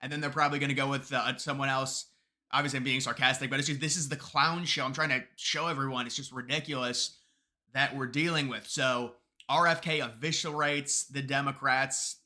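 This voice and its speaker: A man giving casual, opinionated political commentary, often mocking, with quick asides and restarts. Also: medium pitch, bright, forceful tone.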